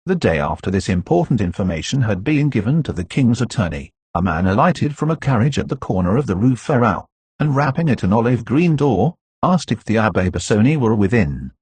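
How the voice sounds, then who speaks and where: A man narrating a classic novel as an audiobook in a steady, even reading. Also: lowish voice, a little fast, slightly rough, no echo.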